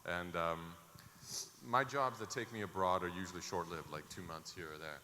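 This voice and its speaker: A man's voice: sits low, moderate pace, bright, forceful tone. A middle-aged man speaking casually and candidly on a convention panel, joking, with many fillers. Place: large convention hall. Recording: reverberant hall with audible noise.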